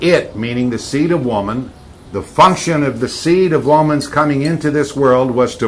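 Man, bible teacher, emphatic, repetitive phrasing, casual banter, mid-pitched voice. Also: moderate pace. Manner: emphatic, repeats key words, bantering with listeners. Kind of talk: informal Bible teaching to a group.

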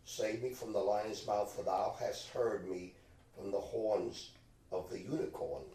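A man reading scripture aloud in a slow, measured way at a Bible study, now and then stumbling on a word. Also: fairly low pitch, fairly even intonation, dark tone. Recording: echoey room, distant mic, faint background.

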